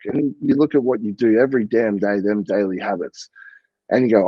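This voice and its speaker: A man's voice: lowish voice, quick pace, no echo, muffled recording. A man, a podcast guest in casual chat, talking in an earnest, reflective way. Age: 30s. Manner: earnest and reflective, quotes himself.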